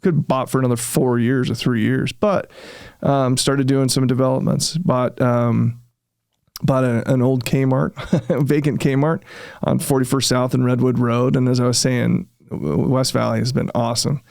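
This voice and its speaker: Gravelly-voiced man telling his business story. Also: mid-range voice, moderate pace, no echo, studio quality. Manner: animated, reenacts his own past remarks, frequent fillers. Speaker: real estate developer guest. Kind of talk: casual interview storytelling.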